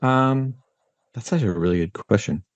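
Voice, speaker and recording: A man's voice: mid-range voice, lively intonation, fairly quick, dry recording, lo-fi sound. A man talking casually as a podcast guest, rambling and self-mocking, with many restarts. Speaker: ADHD coach and podcast guest.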